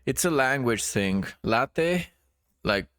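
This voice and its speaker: Male streamer, lowish voice, slow and patient, dry close mic. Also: a bit bright, smooth, dry recording. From Spain. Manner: explaining patiently, repeating himself. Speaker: livestreamer. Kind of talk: casual live-stream chat.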